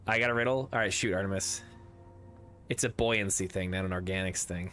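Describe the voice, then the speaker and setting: A man's voice: lowish voice, fairly even intonation, moderate pace, bright, forceful tone, clear, resonant tone. Rambling, joking man at a game table. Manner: rambling, jokey, swears casually. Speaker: streamer playing a tabletop game with friends. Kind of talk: casual game-table banter.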